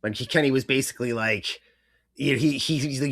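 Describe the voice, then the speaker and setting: A man's voice: medium pitch, brisk, fairly bright tone. A young man co-hosting a wrestling podcast in casual chat, rambling with lots of fillers and casual swearing. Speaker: podcast co-host.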